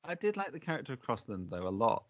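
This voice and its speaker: A man's voice: mid-range voice, sing-song, fast talker, no echo, dull audio. A man co-hosting a podcast, chatty, asking questions and laughing easily. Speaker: podcast co-host. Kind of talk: casual chat.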